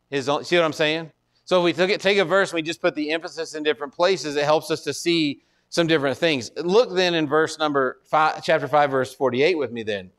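A man's voice: brisk, fairly bright tone. A man preaching a sermon in an earnest way, often repeating words as he builds to a point. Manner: earnest, repeats words, rises in pitch and force when exhorting.

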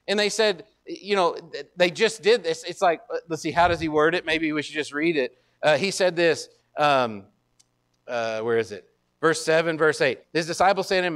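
High-voiced man preaching a conversational sermon. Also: a bit bright. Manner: conversational preaching, retells scripture in everyday speech, frequent restarts; reads verses aloud in old biblical wording, slow and deliberate. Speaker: pastor.

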